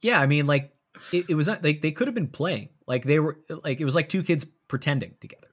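A man's voice: a little high, expressive, fast. Man, podcast co-host, rambling, filler-heavy, casual movie chat. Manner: rambling, many fillers, trailing off softly.

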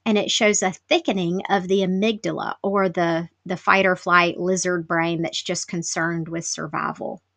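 A woman's voice: lowish voice, fairly even intonation, normal speed, few pauses, fairly bright tone, dry recording. Chatty woman hosting a podcast. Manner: chatty, lots of "like" fillers; candid and self-deprecating. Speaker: podcast host. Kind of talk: casual solo podcast talk.

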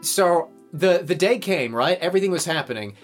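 Young man, casual chat, animated storytelling, slightly high voice. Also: normal speed, faint music behind. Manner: animated, swears a lot, acts out quotes loudly.

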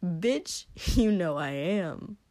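A woman's voice: animated, drawn-out words, a little mellow, no room sound. A woman doing a crude, drawling young man. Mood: taunting. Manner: low, drawling and taunting.

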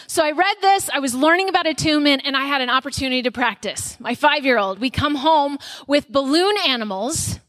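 A woman speaker giving a conversational sermon to mothers at a conference, telling personal stories with animated delivery. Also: high-pitched, no echo. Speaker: mother of young children.

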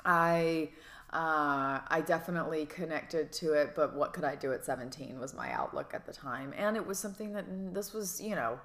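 A woman in her thirties from Atlanta, an actress chatting in an interview with a sassy, animated manner and frequent laughter. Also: low-pitched, moderate pace. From Atlanta, US South. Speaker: actress guest. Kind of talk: casual interview chat.

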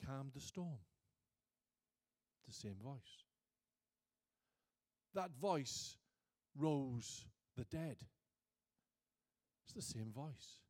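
A man delivers a sermon, shifting from quiet reflection to booming emphasis. He reads scripture aloud slowly.

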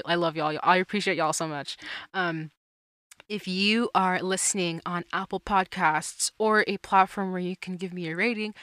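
Young female podcast host, earnest and chatty, lowish pitch, dry close mic. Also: fairly bright tone, dry recording. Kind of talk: solo faith podcast monologue.

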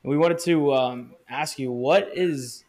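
A man's voice: a little high, measured pace, a crowd in the background. Easygoing male podcast co-host. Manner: friendly, easygoing, filler-heavy. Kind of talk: casual interview chat.

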